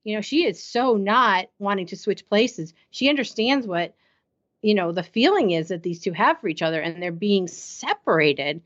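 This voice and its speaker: A woman's voice: medium pitch, animated, normal speed, a bit bright. Laughing woman on a muffled mic. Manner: laughs often, enthusiastic. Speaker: podcast co-host. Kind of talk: casual recap chat. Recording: slightly muffled sound.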